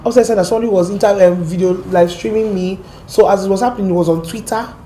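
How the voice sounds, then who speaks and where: A woman with an American accent, from Port Harcourt, telling her story as an interview guest in a lively, animated way. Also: medium pitch, fast talker, a little hiss or hum. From Port Harcourt, Nigeria. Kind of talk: casual storytelling.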